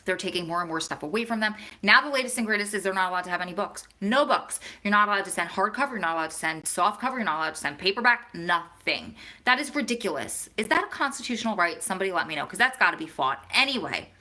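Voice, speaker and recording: Bright-voiced chatty woman vlogger. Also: medium pitch, lively intonation, quick pace, hardly any pauses. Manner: chatty, talks straight to viewers. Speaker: vlogger answering viewer questions. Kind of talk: casual chat.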